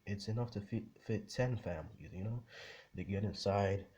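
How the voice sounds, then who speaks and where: A man's voice: on the low side, moderate pace, warm tone, muffled recording, a little hiss or hum. A young man casually retelling a story in a rambling, profane way, full of fillers.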